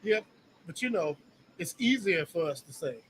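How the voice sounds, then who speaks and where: An easygoing man co-host in casual chat, with a voice a touch higher than most men's. He is agreeable and often restarts his sentences, and a faint hiss sits behind the recording. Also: animated, normal speed, a bit bright, low-quality recording. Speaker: podcast co-host.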